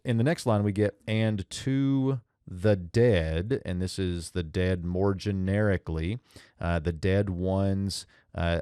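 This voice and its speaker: A man's voice: low voice, darkish tone, smooth, dry recording, clean studio sound. A man teaching an ancient-language lesson at a whiteboard, thinking aloud with fillers and self-corrections.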